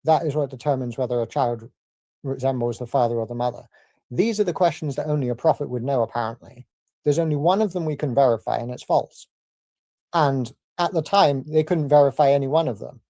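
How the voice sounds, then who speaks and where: Gravelly man giving a debate rebuttal. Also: medium pitch, dark tone, no echo. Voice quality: measured, argumentative delivery.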